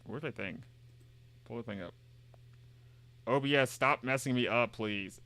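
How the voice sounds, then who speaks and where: A man's voice: medium pitch, unhurried, pushed and bright. A man streaming a game, chatting casually, reading dialogue aloud and joking in a rambling, repetitive way. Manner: rambling and jokey, reads game dialogue aloud and repeats himself.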